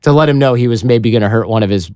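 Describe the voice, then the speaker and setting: A smooth-voiced man, a podcast guest, tells a story at a racing pace in a mid-range voice, recorded at studio quality with no room sound. In this casual storytelling interview he's animated and acts out the voices he quotes.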